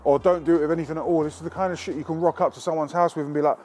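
A man's voice: fairly high pitch, steady tone, very fast, darkish tone, a little hiss or hum. A man hosting a cooking show, talking casually and cheekily to camera with plenty of swearing, cooking at an outdoor barbecue.

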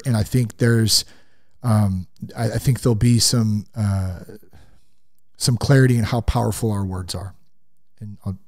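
A man's voice: mid-range voice, creaky, darkish tone. A man hosting a casual faith-based sobriety podcast, talking in a conversational way and sidetracking into self-mocking jokes. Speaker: podcast host.

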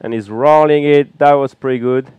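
A man with a French accent giving relaxed, chatty live commentary from a small booth at a beach event, with frequent fillers. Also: medium pitch, moderate pace, clear, resonant tone, no room sound, lo-fi sound. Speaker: color commentator.

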